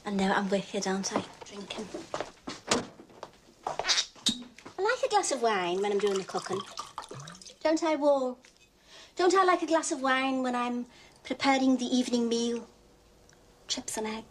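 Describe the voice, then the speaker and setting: Middle-aged housewife, sardonic film monologue, lively swooping delivery. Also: female voice, on the high side, unhurried, pauses often, background noise. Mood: wry chatter. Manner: dry, sardonic, chatty. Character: wry, bored middle-aged Liverpool housewife.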